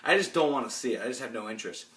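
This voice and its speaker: A man's voice: medium pitch, lively intonation, very fast, fairly bright tone. A man in his twenties ranting casually and bluntly to a phone camera, rambling and restarting his sentences. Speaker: movie vlogger. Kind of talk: casual opinionated rant. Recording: roomy echo.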